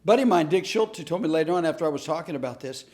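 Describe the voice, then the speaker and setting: A man hosting a class on humor, telling comic stories in a chatty, animated way with lots of asides. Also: on the high side, rapid-fire. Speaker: humor speaker and class host. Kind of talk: comic storytelling lesson.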